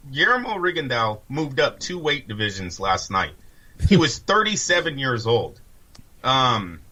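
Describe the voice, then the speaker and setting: A man's voice: a little high, pushed and bright, low-quality recording. A man co-hosting a casual sports talk show, talking boxing in an emphatic way. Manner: emphatic, addresses co-host by name. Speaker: podcast co-host.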